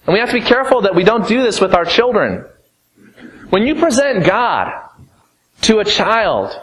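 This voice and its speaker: Male preacher, lighter high voice, fervent sermon delivery that drops low and grave for emphasis. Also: very animated, normal speed, long pauses, low-quality recording. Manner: emphatic, swings between rising fervor and low grave tones.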